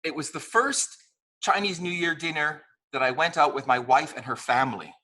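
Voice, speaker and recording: A man teaching English pronunciation to a class in a playful, animated way. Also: a little high, moderate pace. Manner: lively, playful, mimics mistakes and laughs often.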